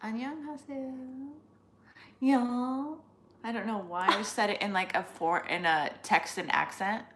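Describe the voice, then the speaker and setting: A young woman co-hosting a live stream, chatting casually with blunt quick reactions. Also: lowish voice, fairly bright tone, a little hiss or hum. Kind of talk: casual chat. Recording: echoey room.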